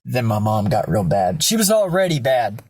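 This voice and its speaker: A man's voice: mid-range voice, very animated, moderate pace, a little mellow, slightly rough, dry recording. A young man telling his personal backstory in a candid vlog, blunt and rambling, with lots of swearing. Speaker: vlogger.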